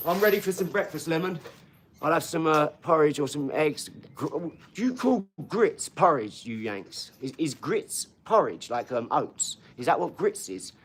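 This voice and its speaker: A man with a slightly high, animated, somewhat rough voice talks at a normal speed while hosting a casual livestream. He rambles from topic to topic, swears freely, and responds directly to viewers' comments.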